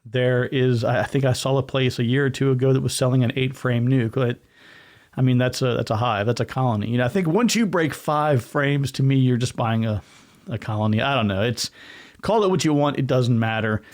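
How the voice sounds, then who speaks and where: A man hosting his own podcast, chatting on his own in a loose, rambling way. He often corrects himself mid-sentence and talks with his hands. His voice sits at an ordinary middle pitch. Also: brisk, darkish tone. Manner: rambling, self-correcting, conversational; gestures with hands while talking. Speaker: podcast host. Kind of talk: casual solo podcast talk.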